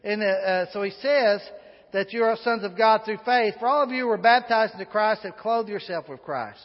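A man's voice: sits high, moderate pace. A man preaching a sermon in a church, folksy and chatty, with asides and fillers. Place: church sanctuary. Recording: dull sound with long hall reverb.

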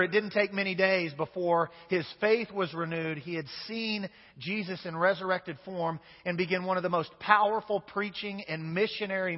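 A man's voice: sits high, in a large hall, highs cut off. A man preaching a sermon in church, talking straight to the congregation with playful asides. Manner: conversational, addresses the congregation directly with playful asides. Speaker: pastor.

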